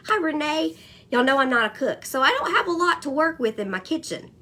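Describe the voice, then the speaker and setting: A woman's voice: high-pitched, very animated, brisk, bright, forceful tone. A woman hosting a casual craft livestream, chatting and greeting viewers by name between stories. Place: home.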